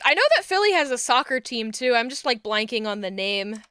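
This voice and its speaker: A young woman livestreams from a small room at home, chatting casually into a desk mic while she crafts. Her bright, slightly high voice moves briskly and smoothly as she rambles, now and then breaking into excited yelling. The sound is close and dry.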